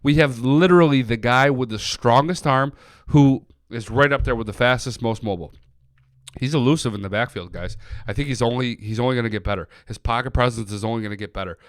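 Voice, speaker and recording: Young guy hosting a sports stream, hyped, swears constantly, clean smooth voice, dry close sound. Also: mid-range voice, fairly quick, no echo. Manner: excitable, swears a lot, rattles off stats. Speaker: sports podcast host. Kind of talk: solo sports talk livestream.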